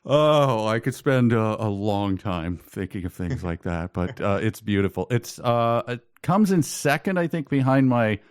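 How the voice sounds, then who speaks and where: Wry low-voiced man, dry sound. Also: expressive, measured pace, few pauses, clean tone, dry recording. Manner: wry and incredulous, trails off in restarts. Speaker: podcast co-host. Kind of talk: casual podcast chat about a book.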